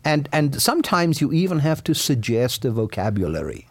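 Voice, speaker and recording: A man's voice: very animated, moderate pace, no room sound. Earnest psychologist man with a swooping voice. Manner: earnest, explanatory, voice swooping high and low. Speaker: psychologist guest. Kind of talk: radio interview.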